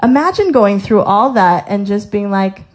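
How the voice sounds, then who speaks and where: A woman's voice: mid-range voice, moderate pace. A young woman sharing a faith testimony in a casual sermon style, telling stories with acted-out quotes and reading scripture aloud. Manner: lively storytelling with acted-out quotes.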